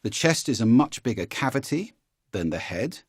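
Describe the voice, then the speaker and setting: A man's voice: moderate pace, no room sound, studio quality. A man teaching a spoken lesson as a voice coach, often shifting his voice to demonstrate. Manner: demonstrates pitch shifts, animated.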